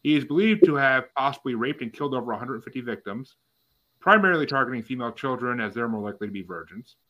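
A man hosts a loose group podcast. His voice is bright and carrying at a middle pitch, and he moves from one co-host to the next to collect votes. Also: expressive, fast, highs cut off. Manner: reads out facts, then polls each co-host. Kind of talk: casual group podcast chat.

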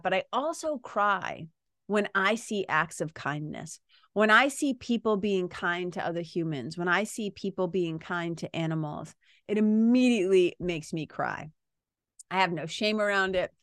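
A woman's voice: lowish voice, fairly bright tone, no echo, clean studio sound. A woman podcast host telling a personal story in a candid, casual way, often asking "right?" and swearing now and then.

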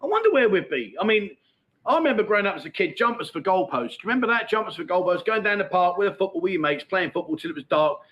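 A man's voice: high-pitched, sing-song, quick pace, a bit bright, poor audio. A middle-aged man hosting a casual livestream, chatting and reading out viewer comments in a matey, laughing way. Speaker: livestream host. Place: Pattaya, outdoors.

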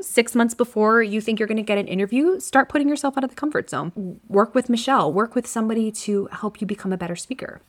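Scratchy-voiced woman giving podcast advice. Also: mid-range voice. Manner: upbeat, direct coaching tone. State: scratchy, shaky voice from a cough. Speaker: podcast host.

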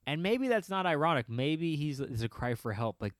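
A man's voice: on the high side, very animated, normal speed, few pauses, no room sound. A man telling a rambling, profane comedic story on a podcast and laughing often. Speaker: podcast host.

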